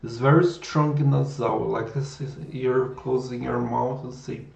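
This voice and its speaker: A man hosting a casual livestream, musing slowly and trying out words aloud. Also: mid-range voice, steady tone, vocal fry, darkish tone. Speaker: livestream coding host. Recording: echoey room, dull lo-fi sound.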